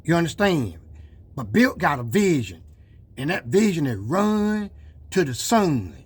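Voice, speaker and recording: A man's voice: fairly high pitch, very animated, measured pace, breathy edge, no room sound. A man talking casually to his viewers about his truck build, boastful and preachy in manner.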